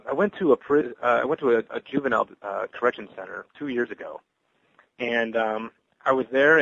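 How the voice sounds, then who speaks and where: A man giving an earnest, halting personal testimony as a Christian evangelist, full of restarts. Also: mid-range voice, gravelly, a bit bright, no room sound, dull audio.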